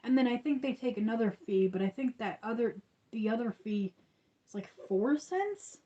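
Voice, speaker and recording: Mellow woman rambling on a livestream. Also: a little high, brisk, lo-fi sound. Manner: rambling, restarts with many fillers. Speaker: crochet channel host. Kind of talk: casual livestream chat.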